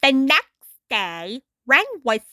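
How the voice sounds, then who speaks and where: A woman reading a storybook aloud with a deliberate, expressive storytelling manner. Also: high-pitched, no room sound, studio quality. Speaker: storytime reader.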